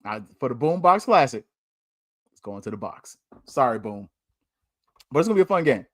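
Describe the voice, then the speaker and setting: A man's voice: medium pitch, sing-song, normal speed, no room sound, studio quality. A young man, hosting a casual sports podcast and making joking, trash-talking predictions. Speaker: podcast host.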